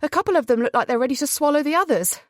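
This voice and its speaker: Woman voicing a teasing young holiday woman, animated, dry close mic. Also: high-pitched, rapid-fire, no room sound, voice pushed up.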